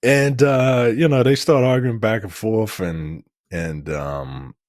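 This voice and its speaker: A man co-hosting a casual movie review podcast, profane and animated, retelling scenes. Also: lowish voice, slow, dry recording, studio quality. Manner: animated, profane, recounts scenes with acted quotes. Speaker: podcast co-host.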